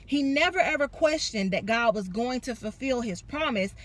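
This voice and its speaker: Animated young woman preaching. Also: a little high, moderate pace. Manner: animated storytelling, acts out quoted voices. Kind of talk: casual sermon.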